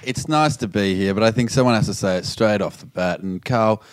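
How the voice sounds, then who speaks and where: An Australian man, a radio host guest on a comedy podcast, mocking the others in an animated way. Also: fairly low pitch, brisk, dry recording. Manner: animated, mocking, jumps into silly voices. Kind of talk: casual comedy podcast banter.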